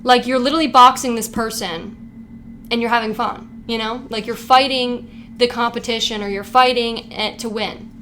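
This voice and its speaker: Woman, tarot reader, casual pick-a-card reading, hyped and profane, lots of "like", slightly high voice. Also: steady tone, moderate pace, a bit bright, slight background noise. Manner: hyped, profane, heavy use of "like".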